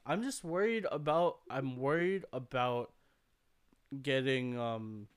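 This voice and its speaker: A young podcast co-host tells a story in casual chat, swearing freely and acting out the voices of people he quotes. His medium-pitched voice is smooth and unhurried.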